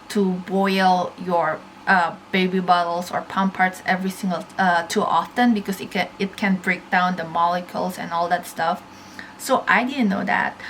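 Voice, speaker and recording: A woman's voice: lowish voice, a bit bright, a little hiss or hum, poor audio. A young woman vlogger giving a casual, chatty product review, with plenty of fillers and restarts.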